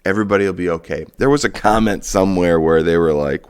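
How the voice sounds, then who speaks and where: A man's voice: sits low, quick pace, hardly any pauses, clean tone. A man hosting a podcast, ranting in a casual, sarcastic and profane way, rambling with lots of fillers. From Michigan, USA. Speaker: podcast host. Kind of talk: casual solo rant.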